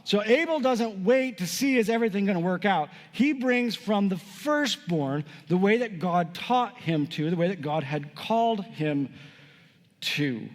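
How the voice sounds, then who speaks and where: A high-voiced pastor preaches a sermon in a church sanctuary, where a long hall reverb carries his voice. He's expressive and emphatic at a moderate pace, swinging between loud and hushed.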